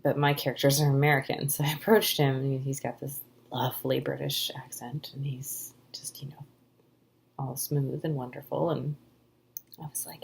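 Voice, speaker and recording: A woman author in her thirties from the Pacific Northwest, answering questions in a chatty, enthusiastic way with many ums and breathy words that trail off. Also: extremely low pitch, level tone, moderate pace, a little hiss or hum. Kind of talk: casual Q&A answers.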